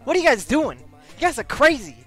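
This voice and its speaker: A young Australian man streaming a game, excitable and quick to exclaim and swear. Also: extremely high pitch, soft background music. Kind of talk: live stream reaction.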